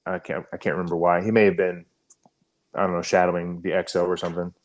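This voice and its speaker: A man's voice: deep voice, little pitch movement, fast. A man on a podcast telling an army story in a casual, profane way, full of fillers and restarts. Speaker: podcast co-host, army veteran.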